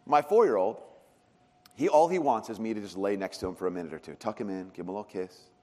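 A man preaching a sermon as a pastor, telling stories with animated swings in pitch and loudness. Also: fast. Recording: long reverb of a large hall.

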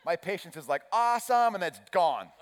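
A pastor with a fairly high-pitched voice talks fast and animatedly as he preaches a sermon. He tells a self-mocking story, acting out his own chipper coach voice, and the recording carries the long reverb of a large hall.

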